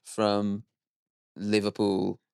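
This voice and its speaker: A man's voice: lowish voice, monotone, slow pace, creaky, a little mellow, clean tone, no echo, studio quality. A man, a comedian co-hosting a podcast, making emphatic, sweary points in casual banter.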